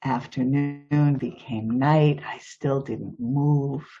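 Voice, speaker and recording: A woman's voice: extremely low pitch, fairly even intonation, slow, warm tone. A woman telling a personal story to an audience, vivid and emotional, her voice jumping up at tense moments. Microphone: video call. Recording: slightly dull video call audio.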